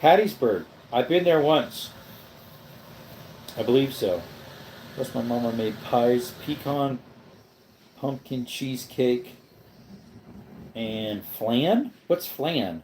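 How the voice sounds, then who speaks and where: A man hosts a laid-back livestream, drifting from one thing to the next as he replies to his chat. His voice is mellow and relaxed, at an ordinary pitch for a man. The sound comes back off the walls of an echoey room. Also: slow, long pauses, slight background noise. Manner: rambling, reads chat aloud and answers viewers. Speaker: livestream host. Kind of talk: casual live stream chat.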